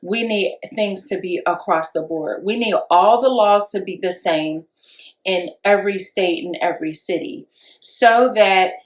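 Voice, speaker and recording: A woman's voice: unhurried, roomy sound, low-quality recording. A woman co-hosting a podcast, chatting casually and acting out quotes as she tells stories. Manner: animated storyteller, acts out quotes with rising pitch. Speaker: podcast co-host. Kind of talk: casual discussion.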